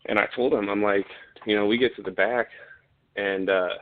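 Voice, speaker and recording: A man's voice: fairly low pitch, fairly even intonation, moderate pace. Blunt profane man on a tinny line. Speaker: podcast guest, fighter. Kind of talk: casual storytelling.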